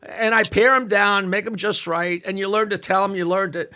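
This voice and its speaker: An older male comedian, a guest, telling stories in casual chat with animated joke-telling and quick asides. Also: high-pitched.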